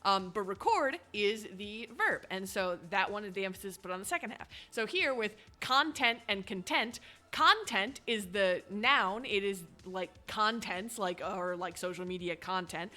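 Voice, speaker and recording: A woman's voice: medium pitch, moderate pace, few pauses, pushed and bright, soft background music. A woman streaming a game, chatting casually and rambling through explanations with lots of fillers.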